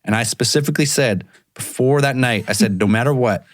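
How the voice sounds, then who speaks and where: A man's voice: mid-range voice, a little fast, dry recording, clean studio sound. A man co-hosting a podcast, telling stories and mocking himself in casual chat. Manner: wry, self-mocking interjections. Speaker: podcast co-host.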